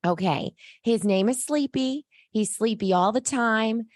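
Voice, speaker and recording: A woman's voice: fairly high pitch, unhurried, no echo, close to an everyday voice. Lady putting on a bubbly happy dwarf voice, chirpy and upbeat, dry sound. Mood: cheerful. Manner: upbeat, bright put-on happy voice. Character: cheerful happy new dwarf, woman.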